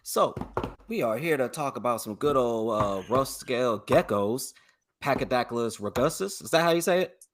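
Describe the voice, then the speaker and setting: A man's voice: mid-range voice, lively intonation, normal speed, background noise. A man hosting a podcast in an easygoing, affirming way. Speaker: podcast host. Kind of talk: casual podcast conversation.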